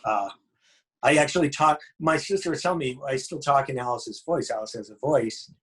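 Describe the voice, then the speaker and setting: A man's voice: mid-range voice, a little fast, fairly bright tone, husky. A man, a horror filmmaker guest on a podcast, telling rambling, jokey stories in casual chat.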